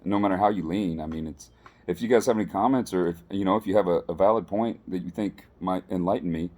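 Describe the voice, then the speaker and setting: A man's voice: low-pitched, quick pace, darkish tone. A man talking casually to his viewers, rambling and restarting often in an earnest, unpolished way. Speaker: vlogger sharing political opinions. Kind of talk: casual spoken commentary to camera.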